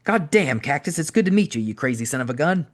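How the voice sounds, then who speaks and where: A man doing a rapid-fire, excited wrestling manager. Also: fairly high pitch, voice pushed up. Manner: rapid machine-gun delivery. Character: fast-talking excited male wrestling manager.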